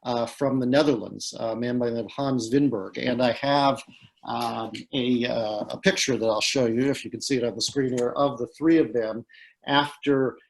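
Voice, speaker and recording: A man's voice: mid-range voice, fairly even intonation, normal speed, creaky. A man speaking on a video call, telling a story with frequent fillers and restarts. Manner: hesitant, many fillers and restarts. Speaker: guest speaker.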